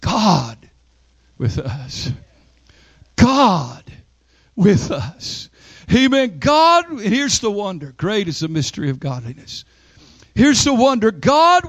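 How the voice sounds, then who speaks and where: A man preaching a sermon in a rhythmic call-and-response style, repeating phrases and building up to shouted lines. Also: extremely high pitch, sing-song, measured pace, no room sound, clean studio sound.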